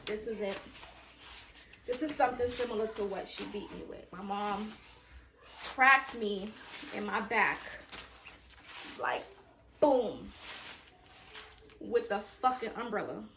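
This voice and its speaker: A woman's voice: medium pitch, expressive, slow, pauses often, roomy sound, background noise. A woman telling a personal story time at home, in a raw, emotional, profane way with many repetitions. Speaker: vlogger.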